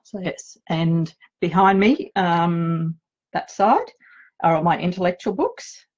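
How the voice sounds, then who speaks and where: A woman's voice: on the low side, slow, a little mellow, lo-fi sound, a little hiss or hum. A middle-aged woman with an Australian accent, an author chatting casually and nervously in her home office, joking about herself. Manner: chatty, nervous and self-deprecating. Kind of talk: casual live video chat.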